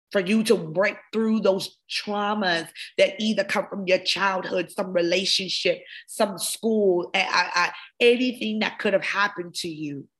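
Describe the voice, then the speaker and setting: Her voice low and fairly bright, a woman who coaches wellness delivers a heartfelt motivational speech on her podcast. She's emotional and keeps circling back to the same phrases.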